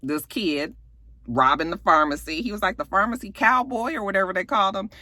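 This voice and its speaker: Woman, casual show recap, lively sassy delivery, dry close sound. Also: fairly low pitch, brisk, dry recording. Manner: animated, sassy storytelling with acted-out quotes.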